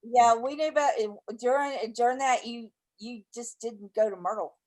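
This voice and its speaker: A woman with a slightly high voice tells her stories in a casual chat, animated and full of exclamations. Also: moderate pace.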